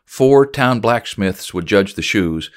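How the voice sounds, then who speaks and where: A man reading a story aloud in a measured, storytelling voice. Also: lowish voice, expressive. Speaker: narrator. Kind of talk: audiobook narration of a memoir-style story.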